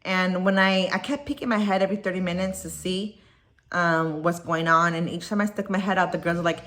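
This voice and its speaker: A woman's voice: lowish voice, steady tone, fairly quick, a bit bright. A woman vlogging from home, venting in an upset, rambling way and swearing freely. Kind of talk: casual personal vlog, venting. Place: at home, dog nearby.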